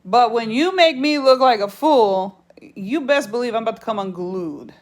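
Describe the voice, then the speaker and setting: A woman truck driver telling a story in a casual vlog, blunt and profane, ranting animatedly about her job. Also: a little high.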